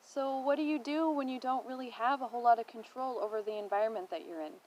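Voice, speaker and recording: A woman's voice: fairly high pitch, fast talker, a little mellow, a little hiss or hum, rough recording. A young woman talking to camera from home, thinking aloud and offering encouragement in a reflective personal vlog. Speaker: vlogger. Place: home indoors.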